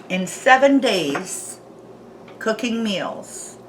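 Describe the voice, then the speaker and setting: A woman's voice: lowish voice, big pitch swings, slow, a bit bright, slight background noise. A woman hosting a home cooking vlog, chatting casually and laughing as she snacks. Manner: chatty, laughing, chewing while talking. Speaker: homestead channel host. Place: home kitchen. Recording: music playing under the voice. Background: background music.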